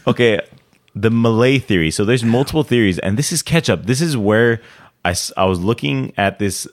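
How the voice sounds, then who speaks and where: A man's voice: mid-range voice, animated, normal speed. A young man co-hosting a podcast, chatting in a rambling, enthusiastic way with many fillers. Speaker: podcast co-host. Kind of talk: casual chat.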